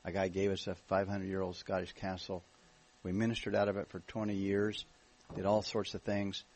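Husky American man preaching. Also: low voice, brisk, poor audio. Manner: jokey, relaxed storytelling with restarts. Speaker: guest minister. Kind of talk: church talk, testimony. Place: church meeting.

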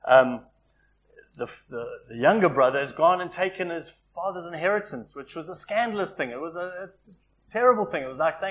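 A man preaching to his congregation in a somewhat high voice. He pushes his volume up for emphasis and then pulls back to soft, confiding asides. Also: a little fast. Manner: expressive, rises loud for emphasis and drops to soft asides. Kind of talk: sermon.

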